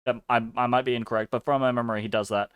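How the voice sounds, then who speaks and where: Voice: medium pitch, level tone, rapid-fire, smooth, dry recording. A let's play host giving casual, rambling game commentary, swearing freely and laughing.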